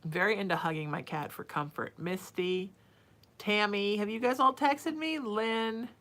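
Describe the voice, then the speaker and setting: A woman's voice: medium pitch, normal speed, a bit bright. A woman psychic hosting a casual live stream, reading out viewer names and cooing at her cat between readings. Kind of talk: casual livestream chat.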